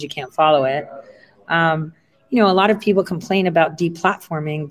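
A woman from Ohio giving a rambling casual livestream monologue, full of fillers and asides. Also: on the low side. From Ohio, USA.

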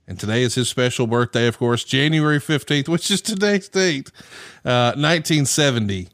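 A Southern man hosting a podcast, ribbing his co-host with a lively, bouncing delivery. The recording is dry and close, with no room sound. He laughs easily. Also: mid-range voice, normal speed, no room sound. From American South. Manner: teasing, laughs often. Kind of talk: casual podcast banter.

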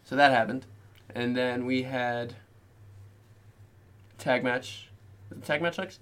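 A man's voice: mid-range voice, takes it slowly, a bit bright, smooth. A male podcast co-host with a mid-range voice talks in a loose, rambling way. He mocks himself easily as he chats casually. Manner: rambling, self-mocking recapper. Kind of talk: casual chat.

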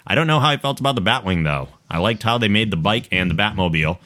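Low-voiced man hosting a casual podcast. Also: fast. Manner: relaxed, conversational, laughs between points. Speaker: podcast host. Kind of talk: casual podcast chat, reading listener email.

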